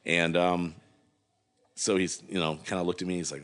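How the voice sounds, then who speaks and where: A man's voice: low-pitched, wildly swooping pitch, slow pace, pauses often, bright, forceful tone. A middle-aged man, a guest brewer, telling a long rambling story in a casual interview, full of fillers and acted-out quotes.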